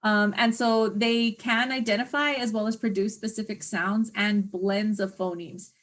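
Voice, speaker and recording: Woman instructor, mid-pitch, casual lecture delivery, filler-heavy, searches for words. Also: steady tone, unhurried, a bit bright. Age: adult parent of a young child. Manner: chatty, hesitant, many fillers, searches for words. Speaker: teacher educator. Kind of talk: exam review lecture.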